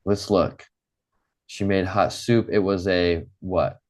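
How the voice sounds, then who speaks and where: A male English teacher with a very low voice leads an online class. He is patient and encouraging, and he says each word slowly and clearly so his students can repeat it. He sounds like a teacher used to drilling vocabulary. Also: steady tone.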